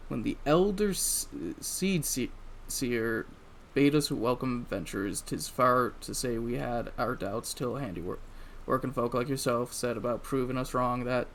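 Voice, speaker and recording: A man voicing a brusque female ranch boss in a put-on rough Cockney-style accent, reading game dialogue aloud with slips. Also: mid-range voice, fairly bright tone, slight background noise. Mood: gruff. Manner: halting read with slips and laughter.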